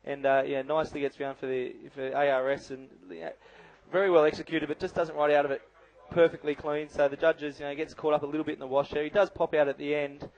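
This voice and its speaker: A man's voice: fairly high pitch, little pitch movement, fast, darkish tone, lo-fi sound. A man giving live color commentary on a bodyboarding contest, chatty and analytical with lots of "you know".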